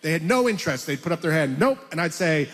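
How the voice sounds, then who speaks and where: High-voiced older man telling stories. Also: fast, in a large hall. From Canada. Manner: animated, acts out voices in anecdotes. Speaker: comedian guest. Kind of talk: storytelling interview chat.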